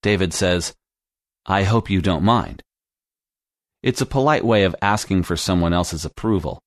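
A man narrating a scripted English lesson podcast in a slow, clear teaching manner. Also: low-pitched, dry recording, studio quality.

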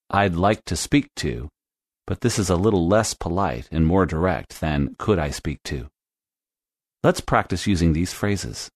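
A man narrating a scripted English lesson, explaining phone phrases in a clear, measured way. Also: sits low, darkish tone, dry recording, clean studio sound. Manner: clear, measured instructional delivery. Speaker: language teacher.

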